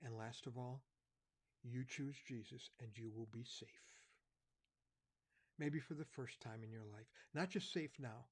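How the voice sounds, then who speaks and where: A man preaching an evangelistic sermon, earnest, dropping to a soft, quiet voice at key points. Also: mid-range voice, measured pace, husky.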